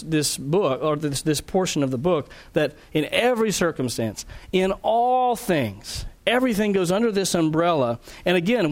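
A man preaching a sermon, earnest and explanatory, slowing down to stress key phrases and often repeating words as he restarts. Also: fairly high pitch. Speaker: pastor.

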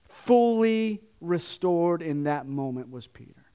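A man preaching a sermon, animated and swinging between loud emphasis and hushed asides. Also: a little high, slow pace, clear, resonant tone. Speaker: pastor.

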